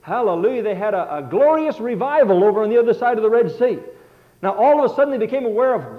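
A man preaching a sermon in a high voice, swinging from loud, ringing passages to quiet, hushed ones. The sound is thin and tinny, like it is coming down a phone line. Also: lively intonation, quick pace. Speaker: pastor.

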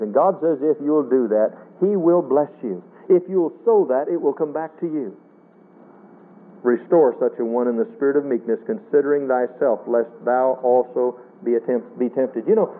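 A man preaching a sermon in a folksy, earnest way, rising and falling as he quotes scripture. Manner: folksy, earnest preaching with wide swings in pitch. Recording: tinny phone-line radio broadcast.

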